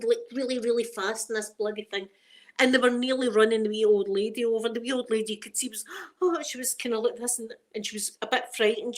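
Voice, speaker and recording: A middle-aged woman with a Glaswegian Scottish accent, hosting a casual ASMR chat and rambling through stories full of local slang. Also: a little high. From Scotland. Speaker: ASMR channel host.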